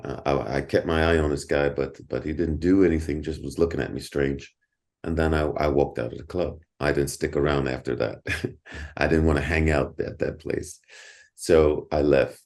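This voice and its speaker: A middle-aged man, a podcast guest, telling a story in casual talk, animated and repeating words, laughing often. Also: extremely low pitch, moderate pace.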